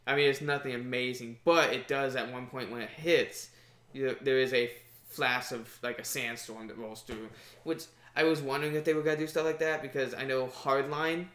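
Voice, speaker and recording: A man co-hosting a podcast in casual chat, animated, laughing often and swearing now and then. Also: medium pitch, normal speed. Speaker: podcast co-host. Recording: roomy echo.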